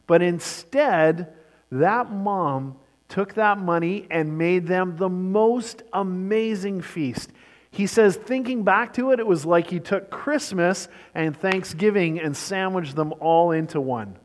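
Man preaching in a reverberant hall. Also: sits high. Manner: storytelling, shifting between brisk and slow emphatic delivery. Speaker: pastor. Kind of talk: sermon.

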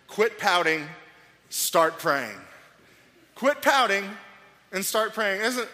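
A middle-aged man preaching a sermon as pastor, telling stories and acting out quoted voices. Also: high voice. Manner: animated storytelling, acts out quoted voices. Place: church sanctuary. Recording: long hall reverb with faint music.

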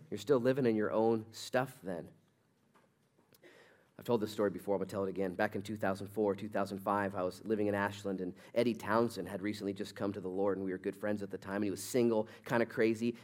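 A man preaching a sermon as pastor, telling a story with lively swings between loud, excited bursts and quiet, low-toned stretches. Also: fast talker.

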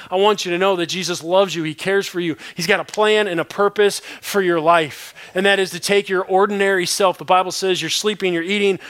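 A man's voice: sits high, fairly bright tone. A male pastor preaching a sermon in short, punchy, repeated phrases with playful asides.

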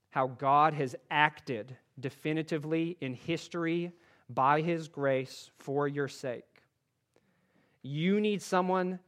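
A man preaching a sermon, reading scripture with emphasis and dropping to a quieter, earnest tone to urge his listeners. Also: on the high side. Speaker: pastor.

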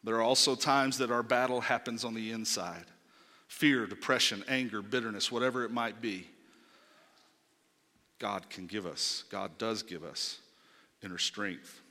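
A man preaching a sermon, emphatic, swinging from loud declarations to hushed asides and asking rhetorical questions. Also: fairly low pitch, steady tone, a little slow, in a large hall.

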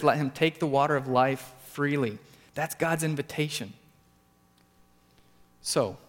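A man preaching a sermon with earnest emphasis, his voice climbing for stressed points and dropping low for quiet ones. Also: long reverb tail. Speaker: pastor.

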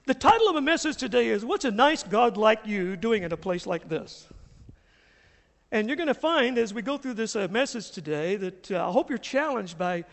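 A middle-aged pastor from the US South tells stories from the pulpit, animated and quick to chuckle. His voice sits high for a man and swings widely in pitch, with a long echo from the church hall. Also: gravelly. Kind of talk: sermon with storytelling. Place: church sanctuary.

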